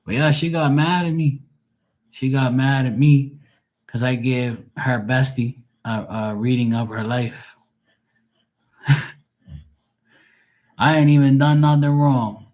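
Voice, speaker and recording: A man's voice: mid-range voice, steady tone, takes it slowly, pauses often, a little mellow. A man who reads tarot, chatting casually on a livestream and telling stories in a blunt, profane way. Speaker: tarot reader and medium.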